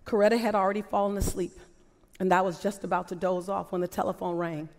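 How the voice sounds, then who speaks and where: A woman's voice: mid-range voice, flat delivery, fast talker, darkish tone. A woman giving an inspirational speech to a live audience, firing off impassioned rhetorical questions. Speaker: motivational speaker. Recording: long reverb of a large hall.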